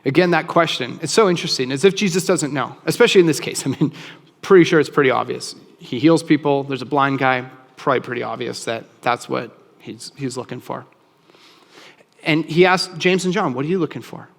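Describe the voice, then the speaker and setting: A man's voice: mid-range voice, fairly quick, gravelly, long reverb tail. A man preaching a sermon as a pastor, in a casual, conversational way with frequent restarts.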